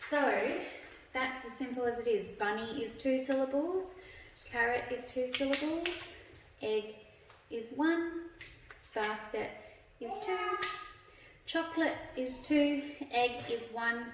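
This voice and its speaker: A woman's voice: sits high, slow, long pauses. Patient woman teaching in echoey room. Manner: patient, explains step by step with examples. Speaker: literacy educator. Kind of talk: instructional video demonstration. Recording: echoey room, voice from a distance, faint noise.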